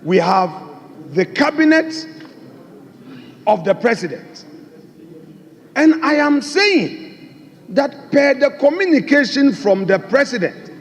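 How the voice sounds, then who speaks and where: Man, minority leader, high urgent voice, heated floor debate; long chamber reverb. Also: big pitch swings, takes it slowly, pauses often. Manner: insistent, repeating his points forcefully. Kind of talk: parliamentary debate. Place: large parliament chamber.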